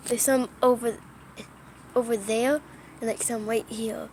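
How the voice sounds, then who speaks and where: A woman's voice: a little high, little pitch movement, moderate pace, darkish tone, slight background noise. A young woman chatting casually to her camera indoors by a window, apologetic and often dropping to a whisper. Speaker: vlogger. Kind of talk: casual vlog narration. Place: indoors by a window during a storm. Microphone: phone or tablet camera.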